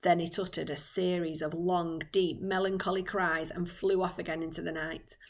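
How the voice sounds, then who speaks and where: A woman's voice: on the low side, little pitch movement, normal speed. A woman teacher reading a children's book aloud with dramatic expression.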